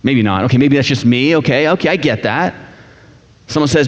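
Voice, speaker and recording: A man's voice: medium pitch, fairly quick. A man preaching a sermon in a casual, joking way, acting out the people in a parable. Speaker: pastor. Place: church sanctuary. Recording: dull sound with long church reverb.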